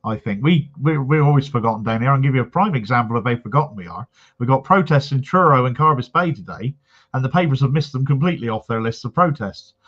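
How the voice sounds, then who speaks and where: A man's voice: medium pitch, fairly bright tone. Indignant man on a lo-fi call. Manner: earnest, indignant, many restarts. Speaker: guest commentator. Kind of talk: remote political chat.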